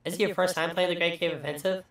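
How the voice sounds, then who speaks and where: Casting: man, higher-pitched, loose and profane game commentator, recorded in an echoey room away from the mic. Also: fairly even intonation, fast, fairly bright tone, distant mic. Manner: profane, rambling, joking. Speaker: let's play host. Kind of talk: casual gameplay commentary.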